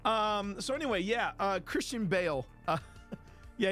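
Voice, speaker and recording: A man with a somewhat high voice hosts a casual live stream from home, talking to his chat in a loose, rambling way. He doubles back on his words and greets viewers by name. Faint music plays behind him. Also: expressive, a little slow, fairly bright tone. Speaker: livestream host.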